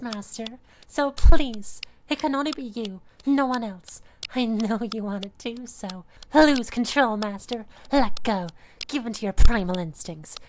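A young woman voicing a submissive, adoring catgirl pet in an intimate audio role-play, breathy and pleading. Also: on the high side, a little mellow, slight background noise, lightly acted. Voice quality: breathy, sighing. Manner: pleading, devoted.

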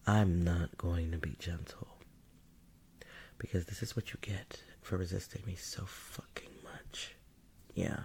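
A man with a low, a little mellow voice plays a dominant, mocking non-human male creature in a whispered role-play. He speaks steadily and a little slowly, breathy and taunting, chuckling often.

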